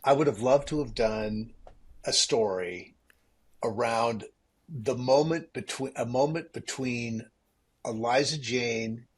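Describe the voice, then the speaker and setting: A man in his sixties, an actor guest chatting casually, who speaks in a slow, halting way while he searches for words. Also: medium pitch, slightly rough. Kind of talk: casual chat.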